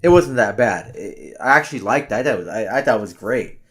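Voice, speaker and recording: A man's voice: on the low side, animated, quick pace. Rambling man co-hosting a sports podcast. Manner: rambling, many restarts and fillers; candid, self-correcting swears. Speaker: podcast co-host. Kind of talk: casual sports chat.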